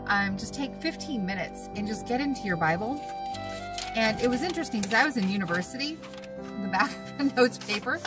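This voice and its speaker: A woman vlogger at an outdoor campsite, giving an earnest, emotional devotional talk with halting pauses and fillers. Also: a little high, lively intonation, recorded from a distance, music in the background.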